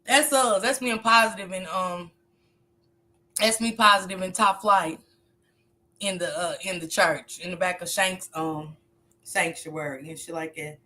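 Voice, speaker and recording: A woman's voice: lowish voice, a little slow, sharp tone. A woman hosting a casual livestream, talking straight to her chat in a loose, joking and profane way. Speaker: livestream host.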